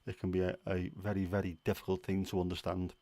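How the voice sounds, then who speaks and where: Talking quickly in a low, warm voice with a completely flat delivery, this Liverpool man hosts a livestream. In his Scouse accent he rambles through casual answers to viewers, packed with fillers, and there's no echo.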